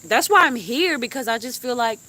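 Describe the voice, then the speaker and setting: Young woman on a live stream, venting from the heart, animated. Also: on the high side, brisk. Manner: heartfelt and animated, swearing and laughing. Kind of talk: emotional casual chat.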